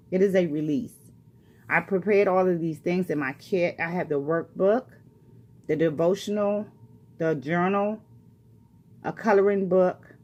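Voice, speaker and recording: A woman's voice: lowish voice, muffled recording. A retired woman who works as a grief coach, speaking earnestly and personally to the listener and repeating phrases for emphasis. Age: older. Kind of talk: motivational talk to camera.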